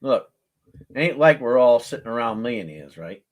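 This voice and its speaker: A man hosting a casual live coin auction, joking and laughing as he praises a coin and calls out bids. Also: mid-range voice. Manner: folksy, joking, laughs often; slow, drawn-out calls with animated countdowns.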